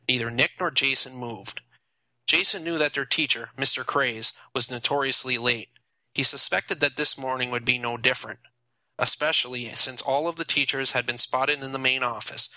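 Bright-voiced male audiobook narrator. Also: mid-range voice, no echo, rough recording. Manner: steady, even storytelling.

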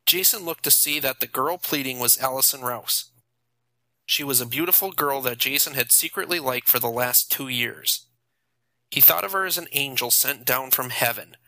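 A man narrating an audiobook in a steady, even storytelling manner. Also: medium pitch, normal speed, dry recording, rough recording.

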